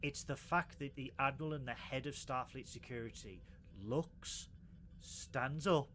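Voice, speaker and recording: A man co-hosting a casual live podcast, excitable and jokey, stumbling over his words. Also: mid-range voice, unhurried, a little hiss or hum. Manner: excitable, jokey, stammering restarts. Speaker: podcast co-host.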